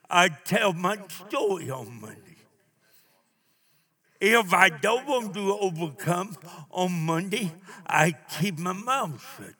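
An older man preaching a sermon, emphatic, with call-and-response and drawn-out phrases. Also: high voice, bright, forceful tone.

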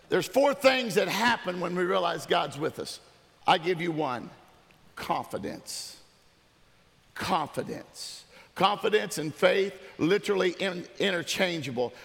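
A male pastor preaching with a high voice and a gravelly edge. He repeats his phrases for emphasis, dropping to hushed, drawn-out quiet and then rising to emphatic shouting. The long reverb of a hall trails behind his words. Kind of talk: sermon.

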